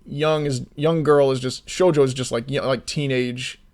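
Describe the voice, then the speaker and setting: A man in casual livestream chat who swears freely and rants through his stories. His voice sits at an ordinary middle pitch, and he shifts easily into explaining things. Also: normal speed. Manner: swears freely, animated ranting storyteller; slides into explanatory commentary. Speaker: indie game developer streaming.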